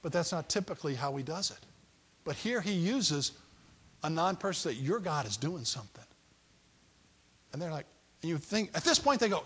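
This pastor's voice sits a little high and sounds fairly bright, husky, and expressive, moving at a normal speed with frequent pauses. Preaching from a Bible passage, he voices the story's characters loudly as he goes.

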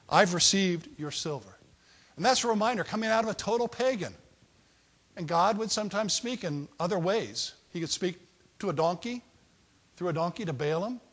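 A man preaching a sermon as a pastor, walking through a Bible passage and acting out its people in a raised voice. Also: a little high. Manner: acts out the people in the story in a raised voice.

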